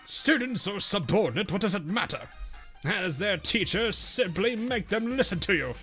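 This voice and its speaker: Haughty villainous monk leader, rich deep voice, theatrical, lively pitch, put on by a man reading a game. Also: normal speed, soft background music.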